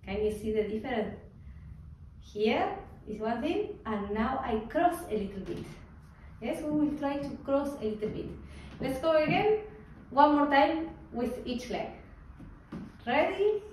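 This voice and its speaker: Slow, calm woman teaching tango. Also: high voice. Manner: calm, counts out beats, checks in with "yes?". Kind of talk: slow spoken dance class instruction. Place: dance studio. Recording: roomy, distant studio sound with faint noise.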